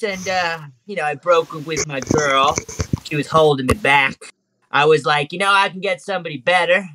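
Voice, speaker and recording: A man's voice: a little high, pitched above the performer's own voice. A man voicing an eager, boastful little male white monkey who gushes and brags. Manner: gushing, excitable, bragging.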